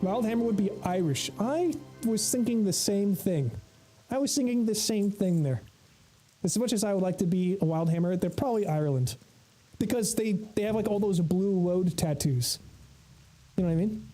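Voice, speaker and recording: Joking Southern streamer with a mellow voice. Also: male voice, high voice, moderate pace, faint music behind. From United States. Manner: joking, rambling, talks to chat. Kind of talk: casual gaming livestream chat.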